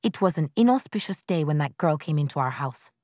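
Woman voicing a harsh, shrill mother-in-law. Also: lively intonation, a little fast, a little mellow, no room sound, clean studio sound.

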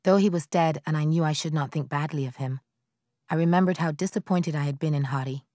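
A woman narrating a novel in the first person, in a measured, quiet storytelling manner. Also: low-pitched, no room sound, studio quality. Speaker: audiobook narrator.

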